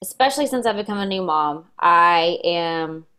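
A young woman hosting a casual conversation, speaking warmly and emotionally, her voice choked up at times. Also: lowish voice, lively intonation, moderate pace, clean tone. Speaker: host.

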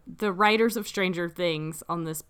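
A woman's voice: fairly low pitch, normal speed, fairly bright tone, smooth. A woman co-hosting a podcast in casual chat, reading out research notes, playful and laughing often. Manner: laughs often, playful, does silly voices. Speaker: podcast co-host.

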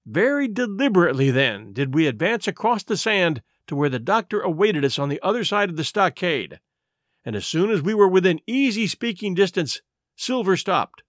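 A man reading a classic adventure story aloud in a measured, expressive way. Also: high-pitched, no echo, studio quality. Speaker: audiobook narrator. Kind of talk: storybook narration.

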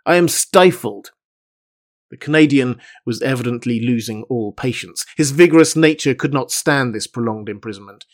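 A man narrating a classic novel in the first person, with a measured and formal delivery. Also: medium pitch. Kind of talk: audiobook reading of a classic novel.

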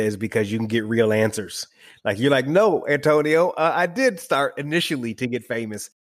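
A man's voice: on the low side, no room sound, studio quality. A man hosting a podcast interview, chatting enthusiastically and asking reflective questions. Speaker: podcast host. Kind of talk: casual interview chat.

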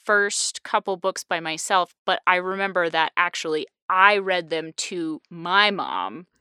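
Animated laughing woman podcast host. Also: lowish voice, clear, resonant tone, no room sound, studio quality. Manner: animated, laughs often, quick asides. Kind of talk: casual group chat.

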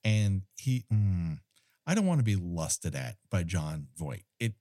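A man with a fairly low voice chats casually about a film, his pitch swinging widely as he tells it with wry, profane asides. The sound is dry and close, with no room around it. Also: dry recording. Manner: wry, profane, animated storytelling with quick asides. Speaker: podcast host recapping a film; former studio tour guide. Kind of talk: casual chat.

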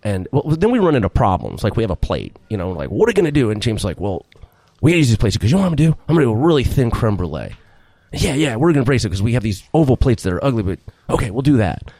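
Speaking fast in a lowish, sing-song voice with a darkish tone, a middle-aged restaurant owner rambles through a long story as an interview guest. He voices the quotes himself and laughs frequently, and the recording is dry.

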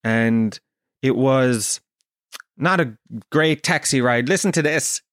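Irish male podcast host, mid-pitched, animated storyteller who swears freely, dry room. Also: slow, no room sound. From Ireland. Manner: animated storytelling, swears a lot, acts out quotes. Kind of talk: casual comedic monologue.

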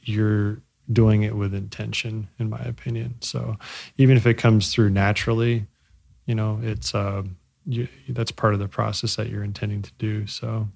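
A man being interviewed about his bike company, speaking reflectively with many pauses, fillers and restarts as he searches for words. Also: lowish voice, flat delivery, vocal fry, a little mellow. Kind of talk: casual interview.

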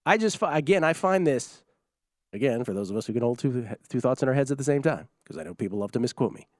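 A man's voice: mid-range voice, expressive, quick pace, dry recording, clean studio sound. A man hosting sports talk radio, wry and mock-incredulous as he banters with his co-host.

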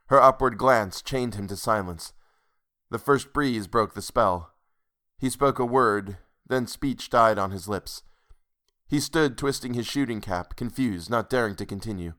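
A man narrating a classic ghost story in a measured, unhurried reading. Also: medium pitch, a bit bright.

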